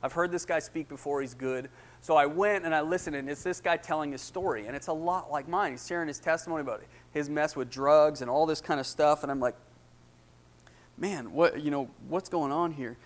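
A young man giving his testimony in a sermon, acting out the people in his story, excited at times and hushed at others. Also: a little high, fairly quick. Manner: animated storytelling, acting out dialogue, rising excitement then hushed.

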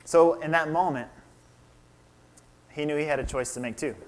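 A man's voice: a little high, moderate pace. A man in his thirties preaching a sermon, retelling a story and asking his listeners questions. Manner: asks the audience questions, acts out quotes.

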